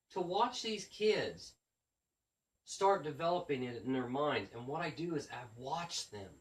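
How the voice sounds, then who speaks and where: A man, a children's book author, casually telling stories about his school visits and acting out how he talks to the kids. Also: fairly high pitch. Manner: animated, acts out his classroom patter to kids. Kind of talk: casual storytelling monologue. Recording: roomy sound from a distant mic.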